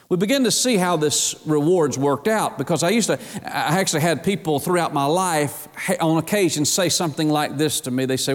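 A man's voice: a little high, expressive, a little fast, big-room sound. A man preaching a sermon to his congregation, emphatic and firing rhetorical questions at them.

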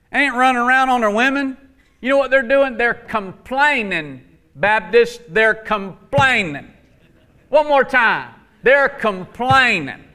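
A man's voice: extremely high pitch, pushed and bright, clear, resonant tone. A man preaching a sermon to his congregation, emphatic and folksy, repeating lines for effect. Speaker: pastor.

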